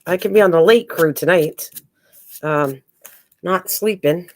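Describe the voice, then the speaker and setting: A woman's voice: on the low side, measured pace, no echo. An older woman hosting a casual live stream from home while crafting, chatting with viewers and calling them pet names.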